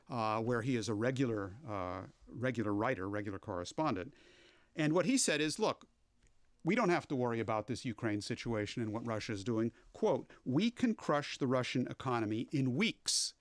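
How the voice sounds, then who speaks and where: A man presenting a political news briefing on a webcast, speaking in a measured, emphatic way with the odd filler. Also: mid-range voice, no echo.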